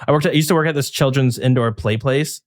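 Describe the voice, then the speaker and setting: A man with a mid-range voice talks fast while co-hosting a casual podcast chat, recorded with studio quality and no room sound. He rambles through his stories in a chatty way, full of fillers, and keeps restarting his sentences.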